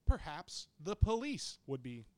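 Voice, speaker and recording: A man's voice: fairly high pitch, very animated, measured pace, mellow, no room sound. A young man on a podcast telling a story in casual, blunt, profanity-laced chat, right up on the microphone. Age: young adult. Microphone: close studio microphone.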